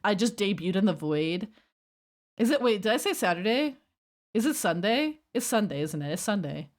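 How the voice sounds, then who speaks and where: A woman's voice: medium pitch, expressive, moderate pace. Chatty woman streamer rambling on about whatever, casual livestream talk. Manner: rambling, chatty, reacting to chat.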